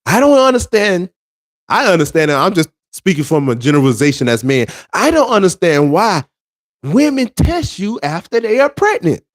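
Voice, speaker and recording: Brief: high-voiced man, relationship-advice monologue, preachy, emphatic, lively swings. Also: moderate pace. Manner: emphatic, repetitive, street-preacher cadence.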